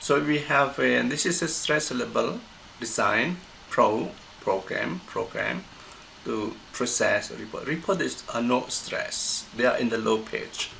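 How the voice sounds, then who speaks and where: Gravelly-voiced man teaching a pronunciation lesson. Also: mid-range voice, fairly bright tone, slight background noise, rough recording. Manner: halting, stops often to find the word. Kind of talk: recorded lesson explanation.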